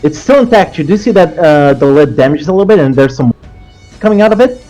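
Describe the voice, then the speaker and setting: A man's voice: a little high, lively intonation, quick pace, warm tone, dull audio, faint music behind. A man acting as game master, casually directing players in a tabletop game.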